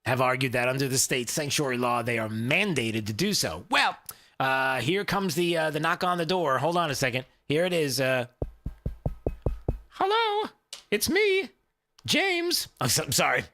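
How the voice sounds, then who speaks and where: A man's voice: mid-range voice, moderate pace, sharp tone. A man hosting a talk radio show, rambling conversationally with plenty of fillers and restarts.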